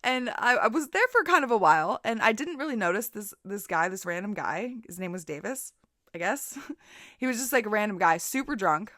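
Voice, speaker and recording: A young woman casually telling a personal story, animated and laughing often, acting out the people she quotes. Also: mid-range voice, a little fast, dry recording, clean studio sound. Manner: animated, laughing, swearing, acts out quoted voices.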